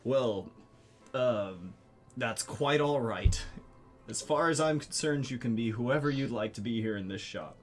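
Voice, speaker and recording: A man voicing a polite, gentle male shopkeeper in a tabletop game, courteous and grave when the talk turns serious. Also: mid-range voice, measured pace, faint music behind, close to an everyday voice.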